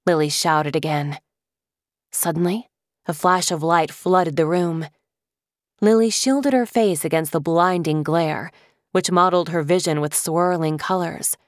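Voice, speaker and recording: A woman with a lowish voice reads a middle-grade fantasy aloud in a measured, vivid way. The recording is dry and close, with no room sound at all. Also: dry recording. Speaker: audiobook narrator. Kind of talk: scripted narration.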